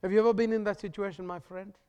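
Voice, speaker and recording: A man preaching a sermon as pastor, emphatic and repetitive with dramatic pauses. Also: high-pitched, steady tone, darkish tone, clear, resonant tone, in a large hall, highs cut off.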